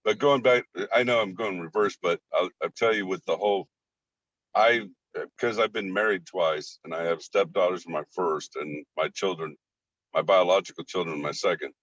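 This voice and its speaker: Blunt ex-coach on a video call, very low voice, muffled and dry. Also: male voice, moderate pace, fairly bright tone, dry recording. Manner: blunt, forthright storyteller. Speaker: course participant, former coach. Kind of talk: casual video call discussion. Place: in a car. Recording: dull lo-fi video call audio.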